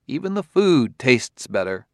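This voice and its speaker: A man's voice: mid-range voice, big pitch swings, measured pace, no room sound, studio quality. A man reading the part of an uneasy male detective, plain and a little wry, in an audiobook. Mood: reflective.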